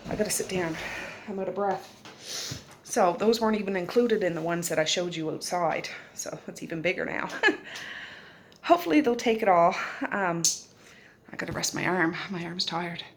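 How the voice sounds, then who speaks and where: A middle-aged woman with a lowish voice and a gravelly, fry-edged texture talks casually into a handheld phone camera. Her manner is homely and chatty as she addresses her viewers directly. A faint hiss sits under the recording. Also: animated, moderate pace. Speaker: vlogger and mother. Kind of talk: casual day-in-the-life vlog narration. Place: home and car, in Nova Scotia.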